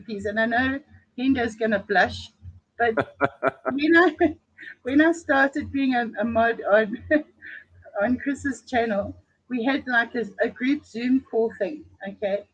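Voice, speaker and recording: Husky woman guest on a muffled line. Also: high voice, measured pace. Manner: chatty, laughing storyteller. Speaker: guest, chat moderator. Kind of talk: casual live stream chat.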